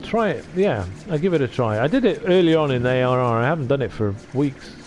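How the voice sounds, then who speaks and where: A man's voice: mid-range voice, expressive, quick pace, over music. A man live-streaming a game, chatting casually, reading dialogue aloud and laughing at himself. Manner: chatty, self-deprecating, reads dialogue aloud.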